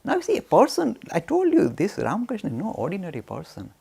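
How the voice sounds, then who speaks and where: Male teacher, storytelling lecture, animated, gravelly and husky, lively pitch. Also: fast talker. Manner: animated, waving his arms; asks himself questions and answers them. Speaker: spiritual teacher.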